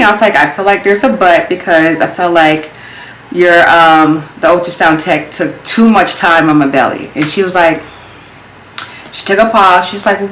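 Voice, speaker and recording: A young adult woman telling a story in a casual vlog, animated and acting out her own thoughts as she goes. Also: fairly low pitch, moderate pace, a little hiss or hum. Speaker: vlogger. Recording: roomy echo.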